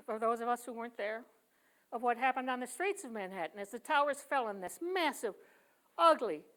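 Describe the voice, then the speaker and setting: Emphatic woman preaching a sermon. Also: on the high side. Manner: emphatic storytelling, swinging from loud to hushed; rhythmic repetition. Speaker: guest speaker and poet. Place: church service.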